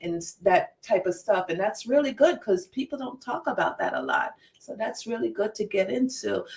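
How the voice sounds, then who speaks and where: A woman from Jamaica hosting a casual podcast chat, talkative and quick to laugh. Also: medium pitch, big pitch swings, creaky, darkish tone, far from the mic. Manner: chatty, laughs often. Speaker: podcast host.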